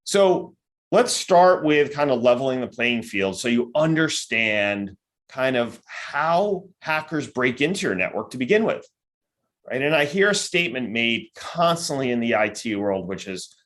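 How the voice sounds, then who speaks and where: A man of ordinary, middle pitch delivers a virtual conference lecture. He talks conversationally rather than stiffly, checking in with the audience through quick tag questions. He now and then acts out the doubts of his listeners in quoted voices. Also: lively intonation, a bit bright. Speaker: cybersecurity company executive giving a lecture.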